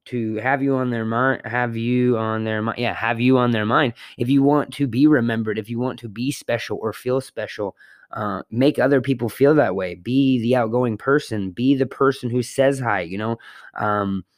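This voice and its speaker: This solo podcast monologue features a male host talking from his apartment in a loose, wandering style, with fillers and an odd curse here and there. He has a medium-pitched voice at normal speed, captured cleanly in studio quality without echo.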